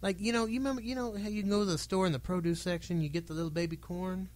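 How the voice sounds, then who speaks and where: A man's voice: high voice, fairly even intonation, very fast, a little mellow. A man on a podcast recalling what made him cry, earnest and self-mocking. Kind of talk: casual chat.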